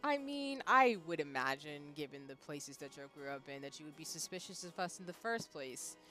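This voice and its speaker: Talking back to game characters as they play, a streamer in their thirties gives chatty, casual commentary. The delivery is animated and a little fast, with a mid-range voice and a sharp tone. Faint background music can be heard.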